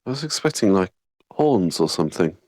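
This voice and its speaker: A man's voice: deep voice, sing-song, a little fast, darkish tone, no room sound, clean studio sound. A man playing a tabletop game, teasing and playful. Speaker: player. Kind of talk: casual tabletop game play.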